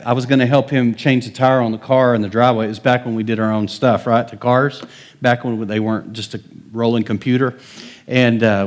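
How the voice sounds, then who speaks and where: A middle-aged male pastor preaches in a folksy, conversational way, with his pitch sitting in the middle range. He spins stories and acts out the voices of the people in them. Soft chuckles run through his talk. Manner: folksy, chuckles often, acts out quoted dialogue. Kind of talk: sermon with storytelling.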